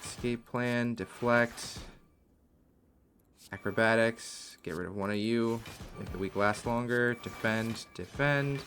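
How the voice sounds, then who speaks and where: A man's voice: fairly low pitch, a bit bright, a little hiss or hum. A man commentating his own card game play, muttering card names and worried asides as he goes. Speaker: gaming video host. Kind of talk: gameplay commentary.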